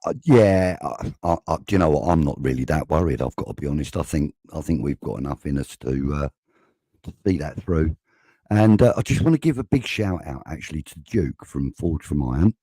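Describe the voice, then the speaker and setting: A man's voice: a bass voice, animated, fairly quick, mellow, breathy edge, no echo. A man hosting a casual live-stream chat, rambling and reading out viewer comments. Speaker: host. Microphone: video call.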